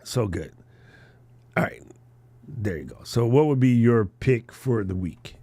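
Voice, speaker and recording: A man hosting a live podcast workshop, animated and joking, laughing as he explains. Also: mid-range voice, unhurried, no room sound. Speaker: podcast coaching host.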